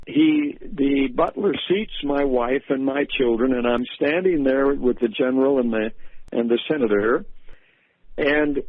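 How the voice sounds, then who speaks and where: A man with a middle-pitched voice tells a long, unhurried story on air, stopping often for fillers and restarts. His voice comes through a narrow, phone-like radio line and sounds dry, with no room around it. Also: dry recording. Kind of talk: recounting a vision on radio talk.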